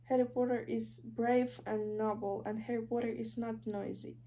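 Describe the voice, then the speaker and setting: A woman's voice: fairly high pitch, steady tone, moderate pace, mellow, slight background noise, close to an everyday voice. A woman with a Ukrainian accent voicing a loyal, timid male house-elf who speaks of himself by name. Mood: earnest.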